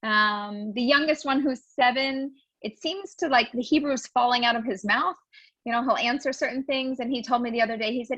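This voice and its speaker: A woman in her forties chatting in an interview, telling animated stories and acting out quotes. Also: on the high side, a little fast, dry recording. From United States. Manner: animated storyteller, acts out quotes. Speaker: guest, new immigrant. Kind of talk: casual interview chat. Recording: dull dry lo-fi sound.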